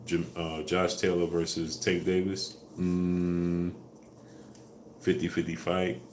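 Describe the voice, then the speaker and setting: A man hosting a casual live stream, answering viewers in a relaxed way with fillers, louder when asking for likes. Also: low voice, slow pace, slight background noise. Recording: echoey room with faint ambience.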